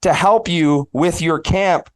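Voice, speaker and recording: Eager young man, high clear voice. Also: slow pace. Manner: eager, enthusiastic and admiring, laughs often. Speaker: podcast host. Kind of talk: casual interview.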